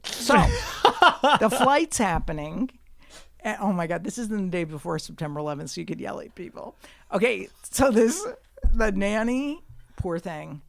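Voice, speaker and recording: Profane, animated woman comedian telling stories. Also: on the low side, gravelly, no echo. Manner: profane, animated storytelling, bursts into shouting when acting out scenes. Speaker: guest comedian. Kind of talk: storytelling in a podcast conversation. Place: studio.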